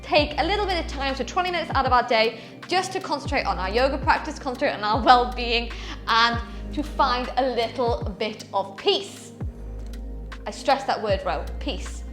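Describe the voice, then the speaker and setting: Young female yoga teacher, soothing and fond, light high register. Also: fairly bright tone. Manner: soothing, affectionate, calls viewers "my loves". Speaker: yoga instructor. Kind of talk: guided yoga class.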